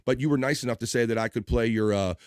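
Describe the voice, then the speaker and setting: A man's voice: medium pitch, quick pace, clean tone, dry recording. A man hosting a casual livestream, reading out chat messages and joking around loosely. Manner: reads chat messages aloud in bursts of voices, laughs and jokes loosely. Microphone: desk microphone.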